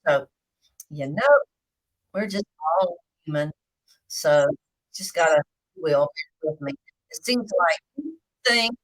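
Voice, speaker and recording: A woman giving a live video Bible teaching, speaking slowly and deliberately, with the occasional hiccup. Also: lowish voice, no room sound, rough recording. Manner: slow, deliberate, lively intonation.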